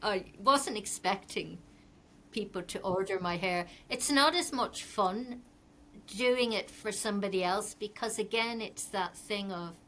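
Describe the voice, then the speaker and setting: A middle-aged Irish woman talks in a relaxed, rambling way, stopping often for ums as she tells her stories. Her voice sits in an ordinary middle register. A faint hiss runs behind her. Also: medium pitch, a little slow. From Ireland. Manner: rambling, chatty storytelling with frequent ums. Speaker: guest, fashion designer. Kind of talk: casual interview chat.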